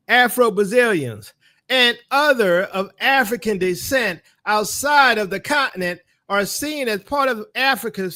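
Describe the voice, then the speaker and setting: Lively high-voiced New Orleans preacher man. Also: dry recording, clean studio sound. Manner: preacherly, calls on the audience directly. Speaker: ministry teacher. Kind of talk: religious commentary with scripture.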